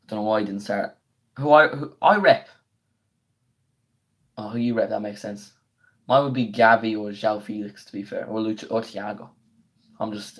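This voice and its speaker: A young man, his voice going hoarse, chatting casually on a live football watchalong and breaking into excited play-by-play of the action. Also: lowish voice. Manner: chatty and slangy, bursts into quick excited play-by-play. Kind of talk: casual live stream chat with match commentary.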